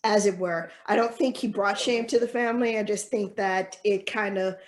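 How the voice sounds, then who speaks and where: A woman's voice: mid-range voice, steady tone, moderate pace. A young woman co-hosting a casual podcast, chatty and thoughtful, with many fillers. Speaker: co-host.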